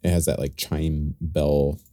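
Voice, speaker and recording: A man's voice: very deep voice, little pitch movement, slow pace, mellow, no room sound, clean studio sound. A man co-hosting a podcast, chatting casually about music with many fillers and restarts. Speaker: podcast co-host. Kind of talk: casual music review chat.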